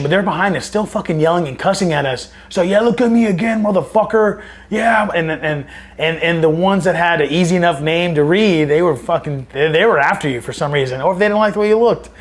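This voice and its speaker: Profane, rambling male Marine veteran. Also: a little high. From Southern California. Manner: profane, rambling, animated when quoting others. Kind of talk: casual storytelling interview.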